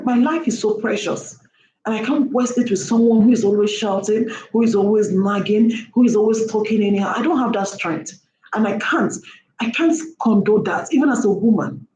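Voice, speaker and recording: A woman's voice: medium pitch, dark tone. A woman giving an impassioned opinion monologue, lecturing with repeated rhetorical questions. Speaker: vlogger. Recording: roomy echo, faint background hum.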